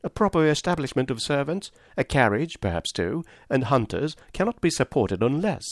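An impulsive, romantic young woman, as a male reader puts her on, earnest and exclamatory in a lifted voice. Her lines rise and fall with lively energy, recorded dry and close for an audiobook. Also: mid-range voice, normal speed, dry recording, pitched above the performer's own voice, lightly acted. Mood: ardent. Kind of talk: audiobook reading of a classic novel.

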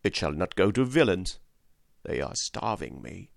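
Man voicing a starved captive, weak, low, defiant, deep, dry sound. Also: animated, moderate pace, no echo.

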